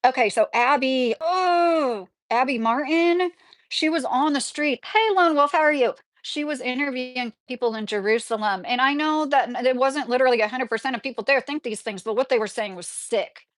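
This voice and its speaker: A woman with a Kentucky accent chatting casually on a livestream, reading viewers' messages and answering in a loose, filler-heavy way. Her voice sits a little high and is recorded close and dry, with no room sound. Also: normal speed, no room sound. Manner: chatty, sympathetic, many "like" fillers. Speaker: livestream host reading chat.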